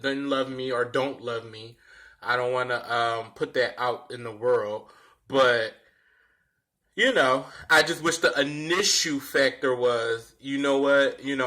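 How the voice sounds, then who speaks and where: A young man casually telling a personal story in a dramatic, animated way, swearing freely. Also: mid-range voice. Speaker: vlogger.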